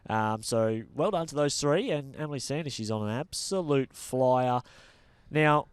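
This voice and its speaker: An Australian man co-hosting a cycling show, talking in an energetic, chatty way with lots of fillers. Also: medium pitch, a little slow, smooth, no echo. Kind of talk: casual sports chat.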